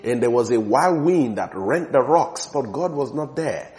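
A man preaching a sermon with fervent emphasis, slowing down and stretching the words he wants to land. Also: mid-range voice, expressive, darkish tone.

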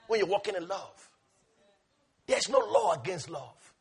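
High-pitched impassioned male preacher. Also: animated, a little slow, gravelly, long pauses, slightly rough. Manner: impassioned, swings from loud shouted refrains to soft low asides; laughs between phrases, repeats key words. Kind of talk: sermon.

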